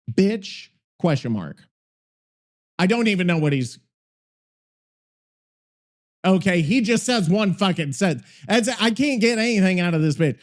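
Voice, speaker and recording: A man's voice: a little high, darkish tone. A man hosting a podcast in loose, profane, rambling chat, often exasperated and yelping. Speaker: podcast host. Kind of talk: casual chat.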